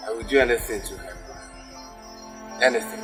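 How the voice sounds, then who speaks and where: A man playing a young prince who speaks quietly and reassuringly. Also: fairly low pitch, unhurried, soft background music.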